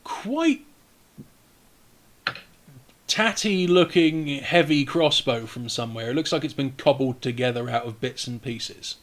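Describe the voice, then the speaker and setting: A man narrating as game master, relaxed, with frequent hesitations while describing the scene. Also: medium pitch, normal speed, hardly any pauses.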